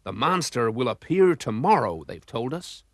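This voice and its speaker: A man voicing an eager, excitable male professor. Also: medium pitch, normal speed, dry recording, studio quality. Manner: eager, exclaiming.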